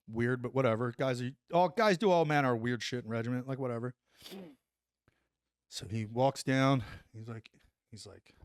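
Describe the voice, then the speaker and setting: A man's voice: medium pitch, no echo. Male ex-Ranger guest, casual and profane storyteller, mid-range voice, dry close mic. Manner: animated, profane storyteller acting out dialogue. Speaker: former Army Ranger guest.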